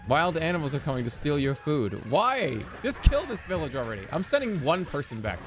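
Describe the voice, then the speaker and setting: A man commentating his own gameplay, excitable and quick to swear as he barks orders at the screen. His voice sits a bit high and swings widely between mutters and shouts. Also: over music. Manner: excitable, swearing, yelling commands at the game. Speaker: streamer.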